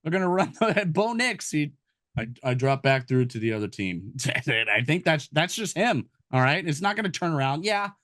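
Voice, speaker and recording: A man co-hosting a casual sports betting podcast, joking loudly and swearing freely. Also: fairly high pitch, big pitch swings, normal speed, no echo, clean studio sound. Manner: loud, jokey, swears a lot. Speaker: podcast co-host.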